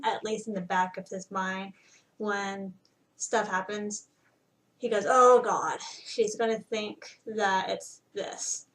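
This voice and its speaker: A woman's voice: medium pitch, recorded from a distance. A young woman telling a personal story in a rambling, casual way, with lots of fillers and restarts. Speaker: vlogger. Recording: voice a bit off-mic.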